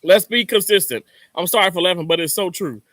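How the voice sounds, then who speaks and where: Emphatic, bright-voiced man giving pep talk. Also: high-pitched, brisk, dry recording. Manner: emphatic, repetitive, motivational. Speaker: channel host. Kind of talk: casual livestream talk to viewers.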